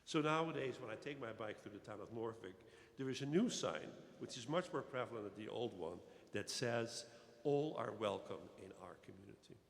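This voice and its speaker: A man, a deacon, preaching a sermon in a measured way, pausing with fillers and lifting his voice on key phrases. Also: mid-range voice, animated. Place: cathedral. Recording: long cathedral reverb.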